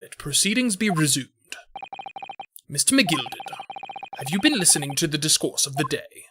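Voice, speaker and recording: A streamer voicing a stern older male judge, formal and measured, in a lowered voice. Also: big pitch swings, noisy background, close to an everyday voice. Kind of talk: reading game dialogue aloud on stream. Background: game music.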